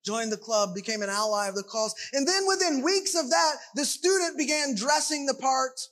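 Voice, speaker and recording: A man's voice: very high voice, lively intonation, normal speed, a bit bright. A man preaching a sermon, emphatic and full of rhetorical questions.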